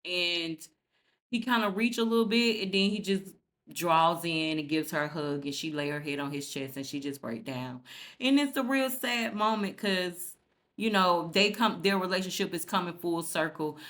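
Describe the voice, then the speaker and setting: Woman doing a casual tv recap, aave, lower voice, acts out the lines, cusses a lot. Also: moderate pace. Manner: animated storytelling, acts out characters' lines, swears freely. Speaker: TV recap host.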